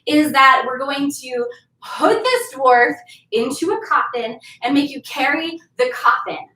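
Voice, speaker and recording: An angry king delivering a stern sentence , as a woman tells it. The voice is high and carries a roomy, distant sound. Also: lively intonation, unhurried, pushed and bright, heavily acted.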